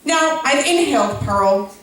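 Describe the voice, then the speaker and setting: A woman's voice: high voice, lively intonation, measured pace, fairly bright tone. A woman doing stand-up comedy who rambles through a story with stumbling restarts and giggly asides. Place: school event hall. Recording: echoey hall, far from mic, noisy.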